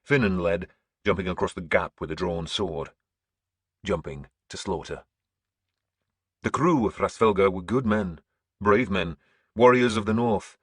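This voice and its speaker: Male audiobook narrator, grim and measured, very dry studio sound. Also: deep voice, a bit bright, breathy edge, no echo.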